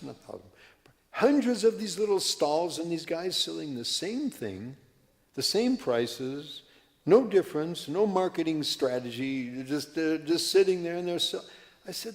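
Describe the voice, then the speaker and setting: A man's voice: fairly high pitch, animated, a little slow. Rambling older Californian man in a hall. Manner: rambling, prone to tangents and restarts. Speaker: workshop speaker. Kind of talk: storytelling talk. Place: mosque hall. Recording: long hall reverb.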